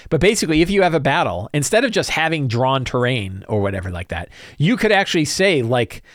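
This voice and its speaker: A man hosting a casual solo talk show, speaking in an animated, conversational way and often checking in with "right?". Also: medium pitch, fairly quick, dry recording, studio quality. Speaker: host.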